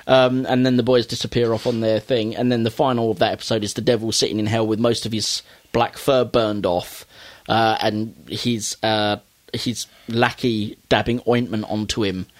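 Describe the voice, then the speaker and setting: A man's voice: fairly low pitch, normal speed. A man casually recapping a cartoon episode, acting out the characters' lines as he goes. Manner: animated storytelling, acting out characters' lines with raised voice. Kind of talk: casual chat.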